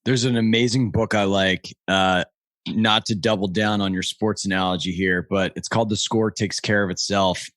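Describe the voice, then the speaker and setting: A man hosting a podcast in a relaxed, conversational way, with hedging fillers. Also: on the low side, normal speed, no room sound. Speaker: podcast host. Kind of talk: casual chat.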